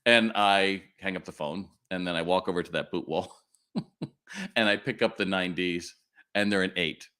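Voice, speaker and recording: A man's voice: low voice, normal speed, clear, resonant tone. Chatty older man hosting a webinar. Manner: chatty, animated storyteller who acts out voices. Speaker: retail sales trainer and webinar host. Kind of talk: live webinar storytelling.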